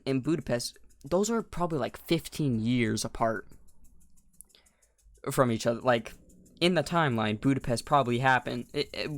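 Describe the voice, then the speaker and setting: A man's voice: mid-range voice, no echo. Young man rambling on a dry mic. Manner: rambling, restarts, slangy, animated when incredulous. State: voice cracking. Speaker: podcast co-host. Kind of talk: casual chat.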